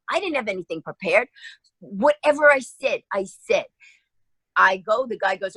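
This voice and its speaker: Brief: bright, husky-voiced woman stand-up comic, animated storyteller, dry close sound. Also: fairly high pitch, dry recording, rough recording. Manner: acts out everyone's quotes, quick and lively. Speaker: stand-up comedian guest. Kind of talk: animated storytelling in a radio interview.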